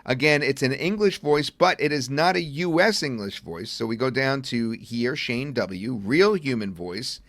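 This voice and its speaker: A middle-aged man presenting a software demo in a casual webinar, chatting and thinking aloud as he clicks through at a computer. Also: medium pitch, animated, unhurried, few pauses, no room sound. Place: at a computer desk.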